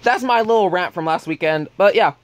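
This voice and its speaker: A man's voice: high-pitched, fairly quick, no room sound. A young man telling a heated story in a casual vlog rant, blunt and swearing freely. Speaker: vlogger.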